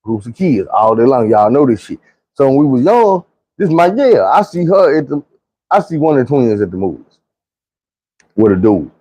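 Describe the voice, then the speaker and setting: A man's voice: medium pitch, very animated, moderate pace, long pauses, warm tone, dry recording. Laid-back man telling stories. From Arkansas, US. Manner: profane, laid-back, slangy, acts out quotes. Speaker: storyteller. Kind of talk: casual storytelling.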